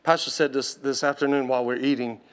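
A man preaching a sermon, impassioned and exhorting, swinging from loud intensity to hushed tones. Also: medium pitch, fairly even intonation, fast.

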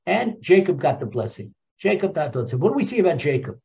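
A man gives a scripture lesson in a lively, storytelling way, his pitch swinging widely. He repeats key phrases and often restarts mid-sentence. The recording sounds dull and lo-fi. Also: fast talker, vocal fry. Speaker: Torah teacher. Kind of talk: animated storytelling lecture.

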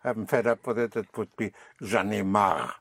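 A man's voice: on the low side, steady tone, moderate pace, creaky, a bit bright, breathy edge, no room sound. A man teaching a language lesson, patiently prompting and repeating phrases.

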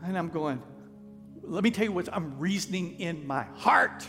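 A pastor telling a story in a folksy, animated sermon style, acting out what people said. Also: male voice, fairly high pitch, normal speed. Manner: folksy, animated, acts out quotes. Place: church sanctuary. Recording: long church hall reverb with faint music.

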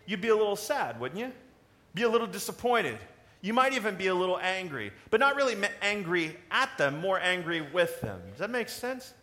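A man preaching a sermon in a conversational, animated way, asking the congregation questions. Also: sits high, a little fast. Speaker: pastor.

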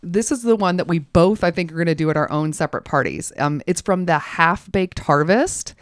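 Woman, podcast co-host, lower voice, dry close sound, chatty, laughs a lot. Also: a little fast, no room sound. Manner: chatty, laughs often, rambling asides. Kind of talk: casual chat.

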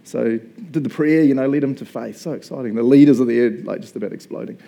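A pastor in his fifties gives a relaxed storytelling sermon, speaking quickly in an ordinary-pitched, soft, mellow voice with vocal fry over poor audio. Casual and chatty, he treats the congregation like friends, laughs often, and says "right?" and "bro".

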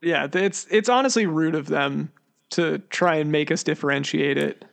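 A man co-hosting a friendly podcast with dry, teasing banter. His voice sits a little high and carries a gravelly fry. He talks casually, like he is ribbing an old friend. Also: moderate pace. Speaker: podcast co-host.

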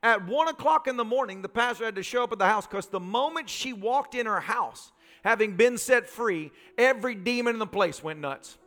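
A male pastor preaching a sermon, telling vivid personal stories in quick, emphatic phrases. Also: high voice, lively intonation, fairly bright tone. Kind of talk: sermon storytelling.

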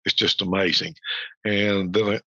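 A man's voice: sits low, fairly even intonation, unhurried, bright, forceful tone, husky, no room sound. A man from the United States hosting a podcast, talking informally about a news topic with many fillers and restarts. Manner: rambling, frequent fillers, reads quotes aloud. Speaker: podcast host. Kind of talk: informal educational talk. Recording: dull lo-fi dry recording.

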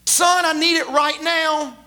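An exasperated mother scolds and insists in a high, bright voice, as a man acts her out in a sermon. She sounds nagging and fed up. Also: fairly even intonation, a little slow, heavily acted. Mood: insistent.

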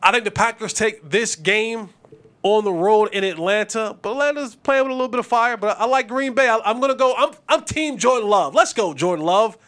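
Animated high-voiced sports host. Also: male voice, brisk, smooth. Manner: animated, trash-talking, stumbles and repeats. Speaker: podcast host and former receiver. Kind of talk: casual sports talk.

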